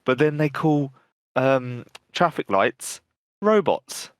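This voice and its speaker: A man's voice: mid-range voice, very animated, slow, clean tone, dry recording, clean studio sound. Cheeky male co-host. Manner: cheeky, swears casually, laughs a lot. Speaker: podcast co-host. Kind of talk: casual chat.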